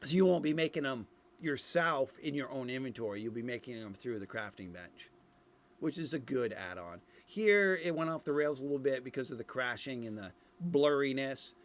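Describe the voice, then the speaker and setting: A man's voice: medium pitch, expressive, moderate pace. A middle-aged man from Ireland giving casual commentary on game footage, thinking aloud with many fillers and restarts. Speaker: streamer reviewing game dev footage.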